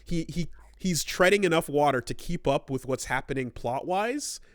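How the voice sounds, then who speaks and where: This is a man co-hosting a casual gaming podcast, rambling and swearing as he acts out characters' lines. His voice is smooth and resonant. The sound is dry and close. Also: on the high side, lively intonation, normal speed, a bit bright, dry recording. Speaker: podcast co-host.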